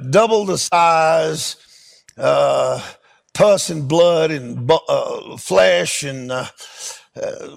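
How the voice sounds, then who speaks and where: A middle-aged man, a preacher telling a testimony in a sermon with animated, emphatic delivery. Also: a little high, gravelly. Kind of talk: sermon storytelling.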